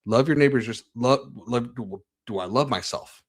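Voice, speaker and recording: A man's voice: mid-range voice, moderate pace. A man talking earnestly about his faith in an interview, often restarting and repeating words as he searches for them. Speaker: podcast host being interviewed. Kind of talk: candid personal conversation about faith.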